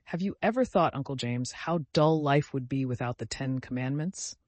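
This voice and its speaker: Male reader doing a bold young woman with a sharp tongue, audiobook, dry booth. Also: mid-range voice, normal speed, no room sound, natural voice. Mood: defiant. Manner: tart, cutting retorts.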